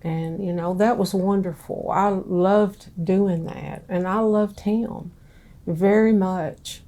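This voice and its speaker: A middle-aged woman, telling her own story in an interview in a plain, unhurried way. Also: medium pitch, steady tone, mellow. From Southern US. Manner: slow, plain-spoken storytelling. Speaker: interviewee, ex-wife of a street preacher. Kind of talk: recounting her life in an interview.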